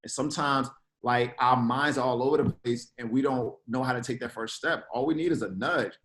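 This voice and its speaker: A man talking as a guest in a casual interview, lively and slangy, acting out quoted conversations. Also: mid-range voice, a little fast, poor audio. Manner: animated, slangy, acts out quoted exchanges.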